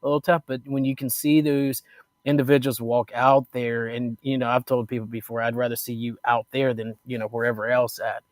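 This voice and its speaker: A man's voice: mid-range voice, little pitch movement, no echo. Man reflecting in a dry close sound. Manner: reflective, halting, with restarts. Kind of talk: casual podcast talk.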